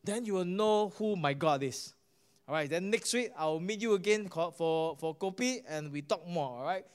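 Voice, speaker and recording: A male pastor with a Singaporean English accent preaches in a high, clear, resonant voice, telling a healing story. His animated delivery keeps asking the crowd "guess what?" and "all right?", with halting restarts and repeated words.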